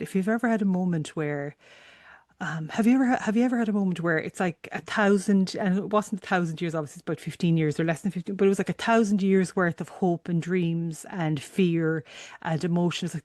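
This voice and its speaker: A tearful middle-aged woman hosts her own podcast, telling a personal story in a low, warm-toned voice. She talks in halting bursts, restarting her sentences as emotion catches her. The sound is close and dry, with no room around it. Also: no room sound. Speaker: podcast host.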